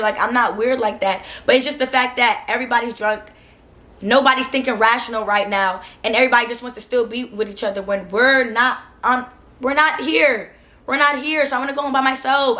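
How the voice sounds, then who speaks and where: A young woman vlogger telling a storytime in a casual, slangy, exasperated way. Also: fairly high pitch. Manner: animated, frustrated, slangy retelling.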